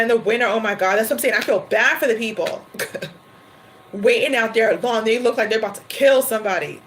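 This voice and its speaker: A woman hosting a livestream, chatting casually and laughing often between quick asides. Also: a little high, fairly bright tone, slight background noise, low-quality recording. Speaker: tarot reader livestream host.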